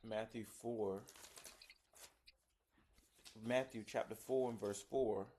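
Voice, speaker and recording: Low-voiced man reading scripture slowly. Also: steady tone, mellow, slight background noise. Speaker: study group participant.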